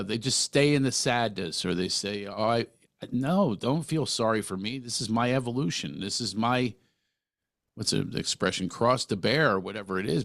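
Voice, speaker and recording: A man's voice: mid-range voice, vocal fry, fairly bright tone, dry recording, studio quality. A middle-aged man hosting a podcast, talking earnestly and emphatically, often restarting his sentences. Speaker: podcast host. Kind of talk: casual interview talk.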